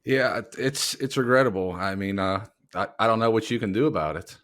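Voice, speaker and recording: A man with a somewhat low voice, chiming in on a podcast in a casual way. He stammers and restarts, sounding hesitant and noncommittal. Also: fairly quick, a bit bright. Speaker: podcast co-host. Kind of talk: casual chat.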